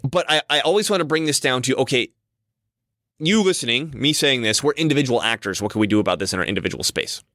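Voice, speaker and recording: A man's voice: medium pitch, lively intonation, fast, bright, forceful tone, no room sound, studio quality. A man giving a casual, rambling monologue as a commentator, often repeating himself and restarting his sentences.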